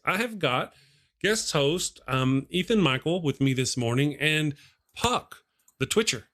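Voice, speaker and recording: A man's voice: mid-range voice, a bit bright. A man in his forties hosting a casual livestream talk show, jokey and rambling, laughing often between his remarks. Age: 40s. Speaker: host. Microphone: webcam set above.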